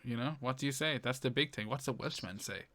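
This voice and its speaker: Bright-voiced man teasing his co-host. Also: medium pitch, no room sound. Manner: teasing, sweary, quick banter. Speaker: podcast host. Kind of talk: casual podcast chat.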